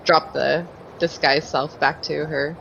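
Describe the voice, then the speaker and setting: A woman player in a casual tabletop game who talks in an expressive, giggly way. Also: deep voice, measured pace, vocal fry, highs cut off, slight background noise.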